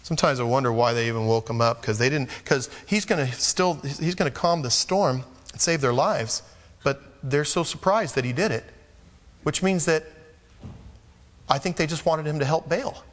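A man's voice: a little high, normal speed. A man preaching a sermon in a conversational manner, acting out scripture scenes. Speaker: pastor. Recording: long echo of a large hall.

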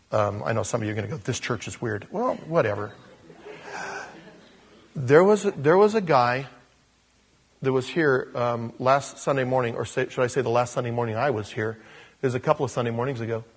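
A man, a pastor, telling a story during a casual, animated sermon in a church. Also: mid-range voice.

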